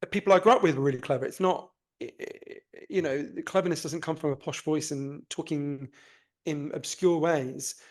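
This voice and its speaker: A man's voice: a little high, normal speed. A man with a posh English accent, a guest author talking animatedly in a casual podcast interview, swearing freely, a little under the weather, speaking over a remote call. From North London, England. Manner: animated, swears casually, self-correcting restarts.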